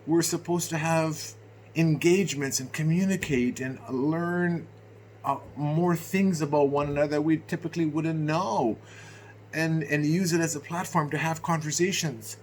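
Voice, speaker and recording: In an unhurried, unscripted rant, a middle-aged Canadian vlogger airs his grievances to the camera with indignant energy. Quiet reflection keeps giving way to loud exasperation, and a bit of background noise can be heard.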